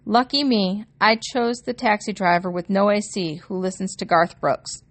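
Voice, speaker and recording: A woman's voice: medium pitch, normal speed. A woman narrating an audiobook in the first person, with a wry, observant and conversational delivery.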